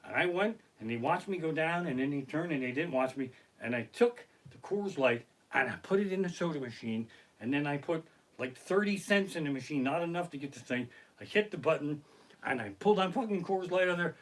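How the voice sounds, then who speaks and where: A man's voice: fairly high pitch, brisk. A middle-aged man doing profane stand-up storytelling on a live stream from his living room, acting out the other people in his stories. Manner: profane, animated, acts out other people's lines. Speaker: stand-up comedian. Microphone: basic home streaming mic.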